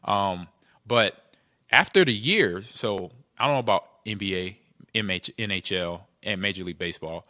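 Here a middle-aged man, once a football player and now a podcast co-host, swaps casual stories at a moderate pace. Quotes get acted out with lively jumps in pitch. The sound is dry and studio quality.

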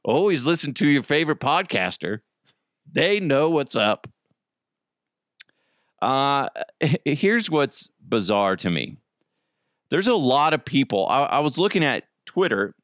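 A man's voice: medium pitch, big pitch swings, a little slow, a bit bright, dry recording, clean studio sound. A man hosting a solo podcast, ranting profanely and mocking his targets. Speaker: podcast host.

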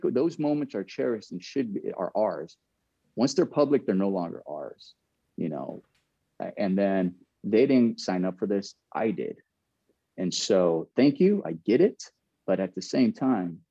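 A man's voice: on the low side, warm tone, breathy edge, no room sound, muffled recording. An earnest man in middle age, a former pro ball player telling a candid story, often repeating and restarting his phrases.

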